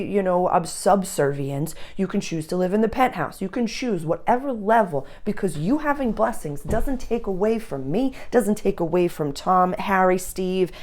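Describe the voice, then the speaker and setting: A woman's voice: fairly low pitch, a little mellow. A woman astrologer giving a casual, chatty reading for the signs, loose and full of fillers.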